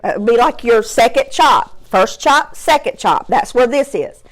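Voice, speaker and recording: A woman teaching a phonics lesson to young children, breaking words into slow, clearly separated sounds and encouraging them along. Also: on the high side, lively intonation.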